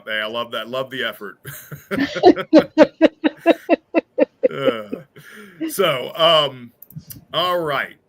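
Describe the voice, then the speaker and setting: Bright-voiced chatty man as game master. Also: medium pitch. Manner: chatty, laughs easily, many fillers. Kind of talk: narrating a tabletop game.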